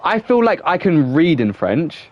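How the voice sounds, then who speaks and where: A man's voice: fairly high pitch, sing-song, a little slow, a little hiss or hum. A young man with an English accent chatting casually while playing a football game on a live stream, rambling and reacting to the match. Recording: dull, muffled sound.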